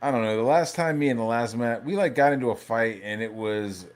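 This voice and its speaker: A man hosting a casual live stream, ranting in a profane, rambling, animated way. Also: mid-range voice, a little fast. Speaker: livestream host.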